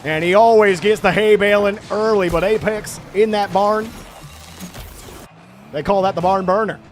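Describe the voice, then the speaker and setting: A man's voice: sits high, steady tone, moderate pace, faint music behind, natural voice. A man putting on a folksy announcer. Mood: folksy hype.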